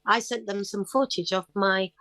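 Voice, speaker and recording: A middle-aged woman talks in an interview with a chirpy, upbeat manner and brings her stories to life. Her voice sits at an everyday pitch. The recording is close and dry, with no room sound. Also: normal speed, no echo. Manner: chirpy, upbeat, animated storytelling. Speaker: guest singer. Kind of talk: casual interview chat.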